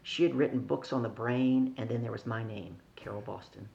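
Gravelly-voiced woman telling a lively story. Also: very deep voice, moderate pace, dull audio, a little hiss or hum. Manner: animated storyteller, acting out quoted voices. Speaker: podcast guest, speaker. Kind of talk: storytelling in conversation.

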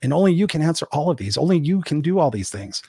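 A man hosting his own podcast, giving an energetic motivational solo talk in a coaching manner, casually swearing and acting out the voices of people he quotes. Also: on the high side, quick pace, creaky, breathy edge, no room sound, clean studio sound. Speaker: podcast host.

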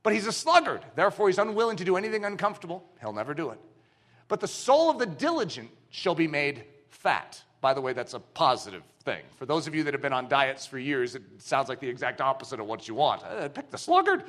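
A man preaching in a church with a high, bright voice that leaps all over the place. He is animated and throws himself into the voices he quotes, pushing hard on his main points. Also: fast. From United States. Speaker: pastor. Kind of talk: sermon.

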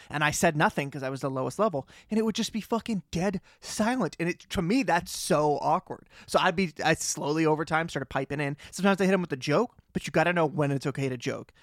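A man's voice: a little high, dry recording, clean studio sound. A man with a Boston accent co-hosting a podcast in casual chat, rambling and self-deprecating, with many restarts. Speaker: podcast co-host.

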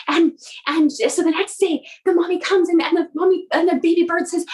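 A woman coach telling a motivational story in an animated way, often repeating her words. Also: very high voice, normal speed, poor audio.

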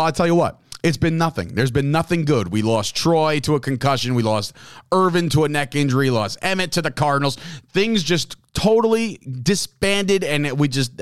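A man in his thirties hosting a podcast, telling a story in an excitable, rambling way and often correcting himself. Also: medium pitch, clean tone, dry recording, clean studio sound. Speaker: podcast host. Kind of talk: casual monologue. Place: lives in New Jersey.

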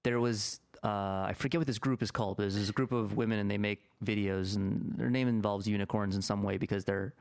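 A man's voice: on the low side, steady tone, fairly quick, creaky, few pauses. A man complaining dismissively in casual podcast chat.

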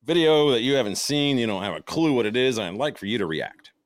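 A man's voice: medium pitch, expressive, fairly quick, dry recording. A man co-hosting a comedy podcast, presenting videos and making dry wisecracks. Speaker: podcast co-host. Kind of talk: casual comedic banter.

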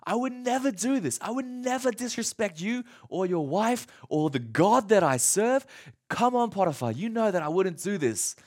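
A man voicing an earnest young male servant pleading softly for trust. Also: high-pitched, animated, moderate pace.

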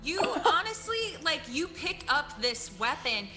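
A woman's voice: sits high, sing-song, measured pace, pushed and bright, faint music behind. A woman narrating as game master of a tabletop game, telling the action vividly with frequent giggles.

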